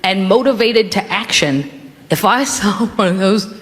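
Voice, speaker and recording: A woman's voice: medium pitch, measured pace. A woman stand-up comedian telling rambling, self-mocking stories on stage in a comedy club. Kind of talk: stand-up routine. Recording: reverberant club with loud audience laughter.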